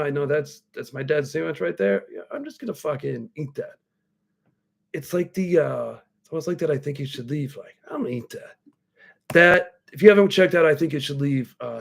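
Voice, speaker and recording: A man in his forties hosting a podcast live, telling stories in a loose, profane, rambling way while sipping a drink. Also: a little high. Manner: drinking a cocktail while talking. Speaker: podcast host. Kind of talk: casual live-stream chat.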